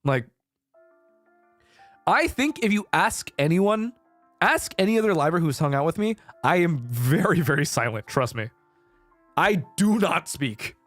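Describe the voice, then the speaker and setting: A man's voice: fairly high pitch, sing-song, measured pace, long pauses, a bit bright, no room sound. A man streaming a casual chat, laid-back and swearing casually, with faint music behind him. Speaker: VTuber streamer.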